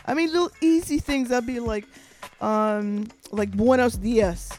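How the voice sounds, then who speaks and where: A woman from the Bahamas trades casual banter on a radio show. She teases and laughs often, with soft music running underneath. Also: on the high side, lively intonation, measured pace. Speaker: radio co-host.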